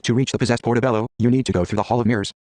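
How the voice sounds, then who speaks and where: A man's voice: medium pitch, steady tone, very fast, a little mellow, no room sound. A man reading the narration of a text adventure game aloud in a plain manner.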